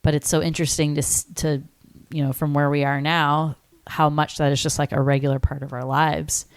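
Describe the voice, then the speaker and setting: Casually chatting as a podcast co-host, a woman in her thirties rambles and fills her speech with "like." Her deep voice is smooth and level, fairly quick, with no room sound.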